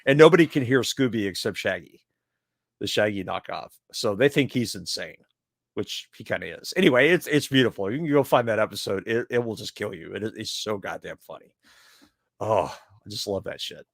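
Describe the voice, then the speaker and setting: A man co-hosting a writing podcast, talking in a loose, animated way with frequent laughter and swearing. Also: on the low side, a little fast, gravelly, no room sound, clean studio sound. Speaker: podcast co-host; writer. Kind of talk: casual chat.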